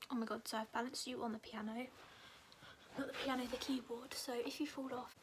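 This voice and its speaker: A woman's voice: fairly high pitch, steady tone, a little fast, noisy background. A young woman chatting casually at home in a rambling vlog, full of "like" and often dropping to a near whisper, filmed on a handheld phone camera. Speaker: vlogger. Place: at home, bedroom.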